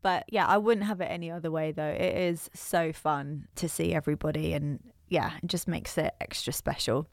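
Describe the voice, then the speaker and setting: A woman co-hosting a podcast in casual chat, playful and quick to laugh. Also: low voice, fairly even intonation, vocal fry, dry recording, studio quality. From Britain. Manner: laughs often, playful, does voices for relatives. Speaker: podcast co-host.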